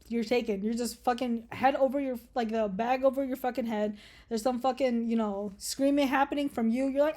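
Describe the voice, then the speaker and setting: A woman vlogger rambles through a casual, jokey rant, swearing freely and restarting her sentences. Her voice sits a bit high. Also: fairly even intonation, a little fast, mellow.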